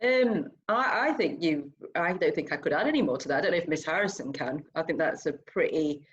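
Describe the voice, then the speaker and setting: A fairly low-voiced British woman teaching English, speaking informally and passing the discussion to her colleagues. The recording sounds dull and lo-fi. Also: animated, fairly quick, husky. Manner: informal, friendly, hands over to colleagues. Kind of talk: recorded online lesson discussion.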